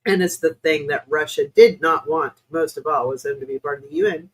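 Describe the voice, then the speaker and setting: A woman's voice: low voice, brisk, breathy edge, rough recording. A woman from the United States hosting a live stream as a spiritual reader. She answers viewers' questions in a rambling, hesitant way, with many fillers, and talks to viewers in a chatty, apologetic way.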